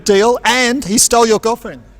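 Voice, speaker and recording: A man's voice: extremely high pitch, normal speed, fairly bright tone. A man hosting a playful mock interrogation of cast members, teasing and theatrical.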